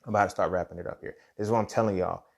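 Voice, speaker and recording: Racing along in a low, steady voice with vocal fry, a young man delivers a casual motivational monologue as a podcast host. He swears freely, tells a story, and frequently asks if you're following him with "you feel me."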